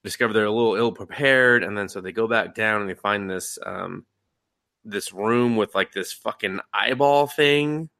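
A man's voice: on the low side, moderate pace, vocal fry, dry recording, studio quality. A young man co-hosting a podcast, casually recapping an anime with lots of swearing and acted-out reactions. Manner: animated, profane, acts out reactions in voices. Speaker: podcast co-host.

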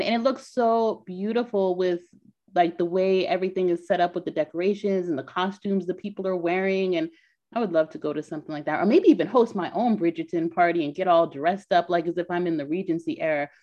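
A woman co-hosting a podcast in casual chat, talkative and quick to laugh, with lots of filler words. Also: fairly low pitch, steady tone, darkish tone. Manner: chatty, laughs often, many "like" fillers. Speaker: podcast co-host. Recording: dull lo-fi sound.

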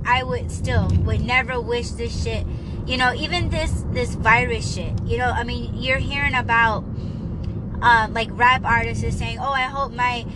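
A woman's voice: fairly high pitch, bright, forceful tone, a little hiss or hum. A woman hosting her own podcast, ranting casually and heatedly with plenty of swearing, shrugging things off with a laugh. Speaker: podcast host. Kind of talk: casual solo podcast rant.

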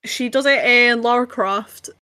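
A young English woman co-hosting a podcast in casual chat, bubbly and quick to laugh, wandering off on tangents. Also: a little high, bright, forceful tone, smooth. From England. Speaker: podcast co-host.

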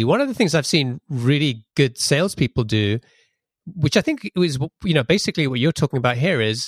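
A man's voice: medium pitch, fairly bright tone, no echo, studio quality. A man hosting a podcast interview, explaining his point in a thoughtful, conversational way. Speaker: podcast host.

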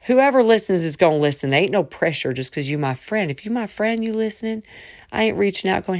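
Woman podcast host, lowish raspy voice, loose colloquial chat that hops around, dry close recording. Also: animated, fairly quick, a little mellow, no echo. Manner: chatty, jumps between topics, colloquial. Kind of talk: casual faith podcast monologue.

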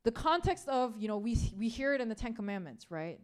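Brisk and very animated, a woman with a fairly high voice delivers a sermon that sounds like friendly chatter. She leans on "like" and "right?" constantly and repeats important lines for emphasis.

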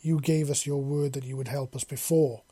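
A man's voice: medium pitch, fairly even intonation, normal speed, dark tone, husky, dry recording, lightly acted. A man voicing a fierce, distrustful woman who snarls her lines in a story reading. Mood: bitter. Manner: snarling, hostile.

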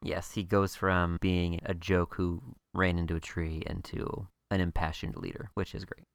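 A man's voice: sits low, little pitch movement, normal speed, vocal fry, no room sound, studio quality. A man co-hosting a podcast, chatting wryly and casually about a TV episode. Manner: chatty and wry. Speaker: podcast co-host. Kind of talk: casual TV recap chat.

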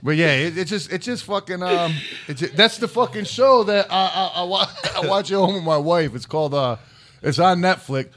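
A man's voice: high-pitched, normal speed, a bit bright. A man hosting a podcast, telling crude stories in a rambling, casual way full of fillers and swearing. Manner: rambling, profane storytelling with many fillers. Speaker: podcast host. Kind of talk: casual chat. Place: podcast studio.

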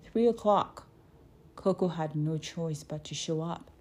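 A woman reading her children's book aloud, slow and deliberate, with small restarts. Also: low voice, flat delivery, mellow.

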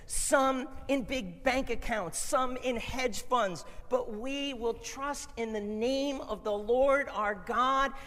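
A man preaching a sermon with passion, dropping to a hush and then rising to a shout. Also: very high-pitched. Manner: impassioned, swings from hushed to shouting. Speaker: pastor. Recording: long reverb of a large hall.

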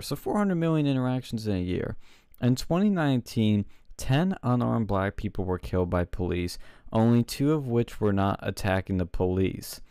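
Sarcastic man with a smooth low voice. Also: very animated, moderate pace, warm tone, no echo, clean studio sound. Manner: sarcastic, profane. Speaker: podcast co-host. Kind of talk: casual chat.

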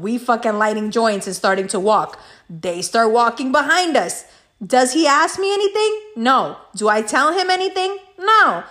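A woman telling a story in a vlog, animated and heavy on profanity. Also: a little high, measured pace.

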